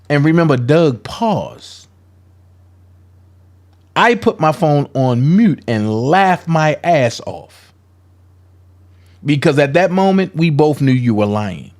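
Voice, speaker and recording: Gravelly, heated man ranting. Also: fairly high pitch, very animated, takes it slowly, darkish tone. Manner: profane, heated, calling people out. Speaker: commentary vlogger. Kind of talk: confrontational ranting commentary.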